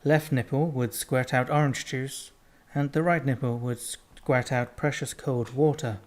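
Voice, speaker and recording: A man's voice: mid-range voice, fairly even intonation, a little slow. A sarcastic young man co-hosting a casual podcast. He trips over his words, restarting phrases again and again, and talks in an everyday mid-range voice. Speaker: podcast co-host.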